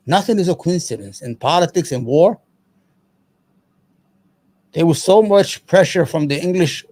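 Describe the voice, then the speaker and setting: A man's voice: on the high side, warm tone. A man hosting his own show, giving angry, profane, emphatic political commentary. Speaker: show host.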